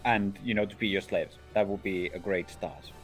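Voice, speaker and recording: A man's voice: low voice, moderate pace, faint music behind, rough recording. A man playing a tabletop game, talking bluntly and on impulse. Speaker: player. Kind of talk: casual tabletop play.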